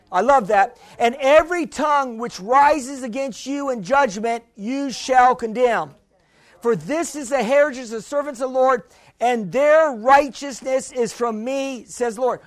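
A man's voice: very high-pitched, no room sound. A man preaching a sermon as pastor, emphatic and urging, with call-and-response questions to the congregation.

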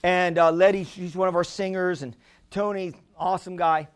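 High-voiced preaching man. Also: fairly even intonation, normal speed, smooth. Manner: repetitive, rising to shouts at the congregation; conversational, tells anecdotes with chuckles. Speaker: pastor. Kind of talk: sermon.

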